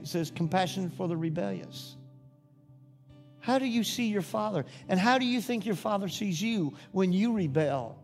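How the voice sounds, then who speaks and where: Man, middle-aged, high-pitched, folksy sermon storytelling, soft music behind. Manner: folksy storytelling, rising to fervent preaching. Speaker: pastor.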